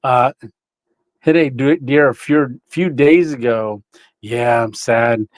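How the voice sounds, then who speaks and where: A man's voice: medium pitch, takes it slowly, dry recording. A man hosting a casual livestream, rambling through a story with lots of fillers and chuckles while greeting viewers. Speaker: livestream host.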